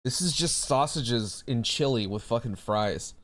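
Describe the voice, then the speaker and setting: A young man talks loosely on a livestream, answering his chat. He swears freely and laughs often, in an easygoing, middle-pitched voice. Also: expressive, unhurried, fairly bright tone. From United States. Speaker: streamer. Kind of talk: casual livestream chat, reading chat aloud.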